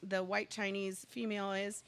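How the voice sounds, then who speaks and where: A woman chatting casually as a guest, telling a long rambling story and getting excited as it goes. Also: medium pitch, normal speed, smooth. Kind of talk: casual chat.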